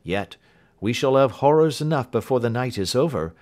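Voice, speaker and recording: A man reading an audiobook who voices a keen, confident Victorian male detective, raising his voice and explaining briskly. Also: mid-range voice, voice pushed up, close to an everyday voice. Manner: brisk, lively, lecturing.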